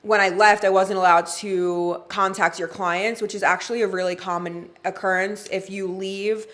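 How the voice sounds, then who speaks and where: A woman's voice: mid-range voice, flat delivery, moderate pace, fairly bright tone. A woman in her twenties, a podcast co-host and waxing specialist, talking in a chatty, casual way with many "like" fillers. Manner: chatty, fills speech with "like". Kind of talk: casual chat.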